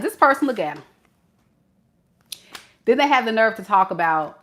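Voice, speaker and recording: Sassy animated woman tarot reader. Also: a little high, moderate pace, pauses often. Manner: sassy, slangy and animated, laughs often. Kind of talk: casual tarot reading to camera.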